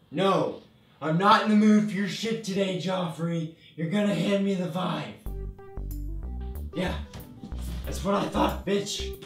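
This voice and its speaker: A high-voiced man with a bright, gravelly edge does jumpy gaming commentary, swearing and yelling threats at a horror game. He is caught by a mic well away from him, in a room that rings with strong echo and faint music behind. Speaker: gaming YouTuber. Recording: very echoey room, mic far off.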